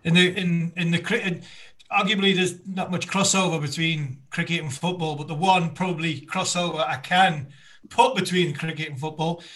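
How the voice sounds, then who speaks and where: A man with a bright, forceful tone, interviewing a guest and drifting into long stories. He restarts sentences often and keeps the talk relaxed. His voice sits a little high. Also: moderate pace. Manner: anecdotal, rambling with restarts. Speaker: interviewer and former fast bowler.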